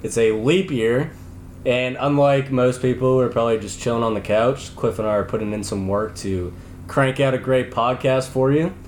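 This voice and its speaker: A young man in his twenties co-hosts a sports betting podcast, trading boasts and jokes in a loose, casual way. His mid-range voice rings in a roomy space. A faint hum sits underneath. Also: mid-range voice. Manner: joking, boastful, quick back-and-forth. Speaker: podcast co-host.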